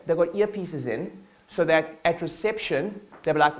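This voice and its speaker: Energetic man giving a casual keynote. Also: a little high, measured pace. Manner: energetic, casual, lots of fillers and audience call-and-response. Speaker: business owner giving a keynote to staff. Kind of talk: motivational keynote talk. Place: conference hall with an audience.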